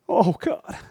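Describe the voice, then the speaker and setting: A male preacher voicing a poor, sick beggar man who is humble and grateful and speaks softly and pleadingly. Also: no room sound, clean studio sound. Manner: soft, pleading, hushed.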